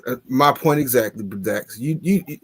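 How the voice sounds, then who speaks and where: A man on a casual talk show, telling a story in an animated, exasperated way and swearing often. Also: medium pitch, moderate pace, slightly rough, no echo. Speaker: podcast co-host.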